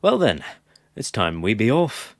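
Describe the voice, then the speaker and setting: A man reading an audiobook, voicing a gruff young man who speaks bluntly and curtly. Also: lowish voice, huge pitch swings, a little slow, no echo, clean studio sound, pitched above the performer's own voice, full character voice. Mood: wry. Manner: blunt, clipped.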